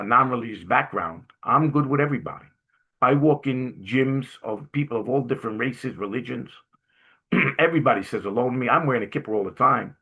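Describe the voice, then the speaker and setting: A middle-aged man from Brooklyn, a jovial, animated guest speaker telling stories to a class and often clearing his throat. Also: medium pitch. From Brooklyn, New York. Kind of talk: storytelling talk to a class.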